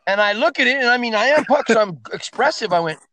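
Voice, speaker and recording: A man, a podcast guest, telling crude, profane stories in a loud, animated way during a casual chat. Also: extremely high pitch, fast, a little hiss or hum.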